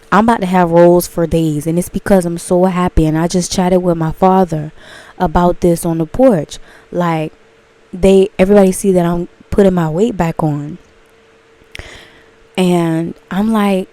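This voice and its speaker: A woman talking casually and expressively to her viewers in a self-help vlog, stretching words and swinging into excited bursts. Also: lowish voice. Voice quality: animated, drawn-out expressive delivery. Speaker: channel host.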